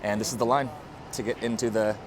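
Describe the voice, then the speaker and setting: A man from the United States talking casually to his vlog camera outdoors at a border crossing, slangy and relaxed, with lots of "bro" and "dude". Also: on the low side, fast talker, noisy background. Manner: slangy and laid-back, peppered with bro and dude. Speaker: vlogger. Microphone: handheld microphone.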